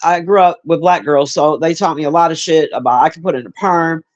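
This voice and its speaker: A man's voice: fairly high pitch, brisk, lo-fi sound. A man streaming and chatting casually with viewers, swearing freely, rambling with lots of fillers and answering chat by name. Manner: profane, rambling, with many fillers; talks straight to chat by name.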